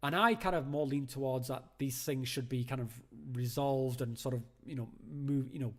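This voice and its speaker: A man's voice: mid-range voice, normal speed. A man hosting a live call-in stream from home, chatting casually and rambling with lots of fillers and restarts. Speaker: host of a live call-in show.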